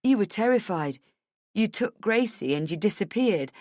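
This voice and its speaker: A woman voicing a frightened young husband close to tears, speaking in a soft, halting, pleading way. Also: mid-range voice, animated, no echo, voice pushed up, close to an everyday voice. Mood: distressed.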